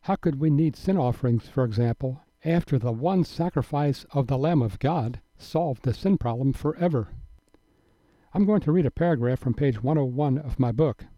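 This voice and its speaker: A man delivering a scripted radio Bible teaching in a measured, earnest and emphatic manner. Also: mid-range voice, warm tone, no room sound. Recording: dry, dull lo-fi broadcast audio.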